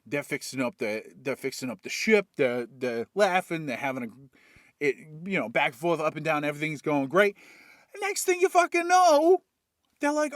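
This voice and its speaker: A man retelling a movie plot as comedy, animated and full of swearing, jumping in and out of voices. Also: on the high side, moderate pace, dry recording, clean studio sound. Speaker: comedic storyteller.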